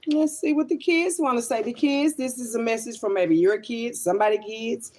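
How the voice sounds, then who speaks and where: A woman's voice: fairly high pitch, moderate pace, mellow, slight background noise. Blunt, rambling woman swearing casually. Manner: blunt, rambling, swears freely, calls viewers child and honey. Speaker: online spiritual reader. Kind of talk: casual livestream monologue.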